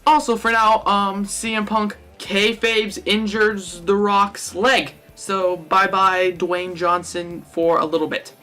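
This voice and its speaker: A man's voice: high-pitched, flat delivery, takes it slowly, few pauses, sharp tone, faint music behind. A young man rambling casually through a wrestling fantasy-booking monologue, correcting himself and cracking jokes as he goes. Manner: rambling, self-correcting and jokey. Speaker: wrestling fan vlogger.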